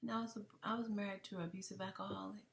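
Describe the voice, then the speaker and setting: A woman's voice: mid-range voice, little pitch movement, rapid-fire, vocal fry, a little hiss or hum. A woman giving an emotional commentary monologue, often dropping to a whisper and repeating herself. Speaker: commentary vlogger.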